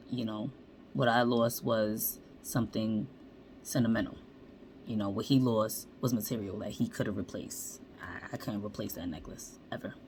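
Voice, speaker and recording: A woman vlogger telling a storytime monologue in slangy, animated talk, acting out the quotes. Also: rumbling low, slight background noise.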